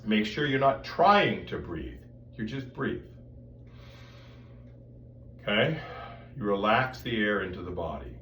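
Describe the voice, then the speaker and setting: Guy explaining voice warmups, singing vowels to show it, roomy echo, faint hum behind. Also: lowish voice, sing-song, slow pace, long pauses, far from the mic. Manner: explains with sung vowel demonstrations. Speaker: voice teacher. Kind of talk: casual spoken lesson. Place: room with music stands and metal ductwork.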